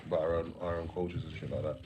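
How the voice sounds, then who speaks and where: A very deep-voiced man talks loosely to his chat on a late-night livestream, sleepy and yawning. He rambles in laid-back slang and swears often. A steady hiss of noise sits under his voice. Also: racing, muffled recording.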